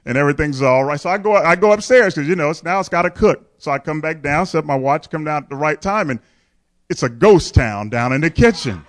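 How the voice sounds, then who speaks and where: High-voiced male pastor telling a funny story. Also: animated, brisk. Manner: candid, humorous storytelling with frequent chuckles; addresses the congregation directly. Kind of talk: storytelling sermon.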